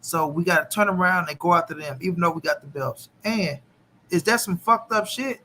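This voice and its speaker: Bright-voiced man chatting on a live stream. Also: sits high, brisk, a little hiss or hum. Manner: loose, profane, talks back to chat. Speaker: boxing channel host. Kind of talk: casual live-stream chat.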